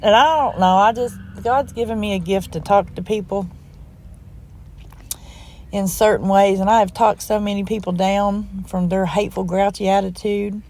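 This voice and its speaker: A woman's voice: mid-range voice, steady tone, moderate pace, darkish tone. A middle-aged woman chatting in a casual, folksy voice-over, rambling and heartfelt as she tells a family story. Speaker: crafting vlogger.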